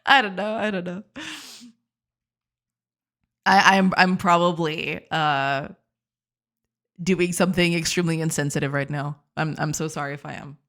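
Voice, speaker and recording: A woman's voice: deep voice, unhurried, long pauses, fairly bright tone. A woman streaming her game development live, chatting casually, giggling and stammering in a self-deprecating way. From not from the United States.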